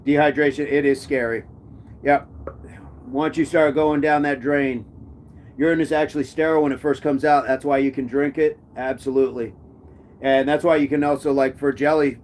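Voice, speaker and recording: A man hosts a relaxed live chat, reading out viewers' comments and riffing on them with jokes. His voice sits at an ordinary middle pitch, and a faint hiss of background noise runs under the recording. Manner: jokey, reads comments aloud and riffs on them.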